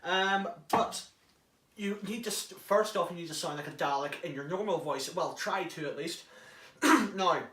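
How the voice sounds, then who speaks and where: A man's voice: high-pitched, a little slow, pushed and bright. A man giving a casual how-to demonstration, chatty and jokey, with some swearing, recorded inside an enclosed prop casing. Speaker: prop hobbyist. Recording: echoey, from far off the mic.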